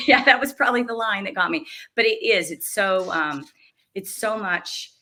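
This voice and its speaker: A woman's voice: medium pitch, animated, normal speed, pushed and bright. A middle-aged woman hosting an interview, chatting casually and enthusiastically, laughing often. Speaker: podcast host.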